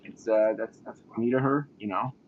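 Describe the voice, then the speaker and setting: Male chat guest, low voice, aggrieved and halting, dull lo-fi line. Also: fairly even intonation, slight background noise. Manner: aggrieved, hesitant with fillers. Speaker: guest in a live audio chat. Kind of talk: casual chat.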